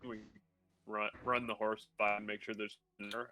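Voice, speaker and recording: A man's voice: lowish voice, little pitch movement, normal speed, bright, forceful tone, a little hiss or hum. A man playing a tabletop game, speaking hesitantly with many fillers. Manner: hesitant, lots of "like". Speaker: player. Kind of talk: casual chat.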